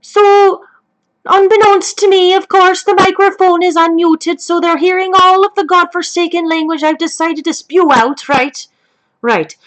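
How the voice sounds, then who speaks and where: A woman's voice: extremely high pitch, steady tone, unhurried, a bit bright, poor audio. A woman playing a foul-mouthed elderly grandmother who rambles off topic and swears constantly. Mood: gossipy. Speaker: grandmother telling a story. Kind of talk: comedic improvised chat.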